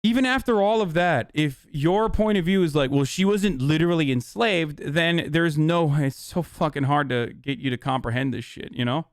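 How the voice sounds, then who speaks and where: Fed-up guy streamer ranting and cursing, smooth voice, dry close mic. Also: a little high, moderate pace, hardly any pauses, dry recording. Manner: heated, exasperated, profane rant with restarts. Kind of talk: live-stream political commentary.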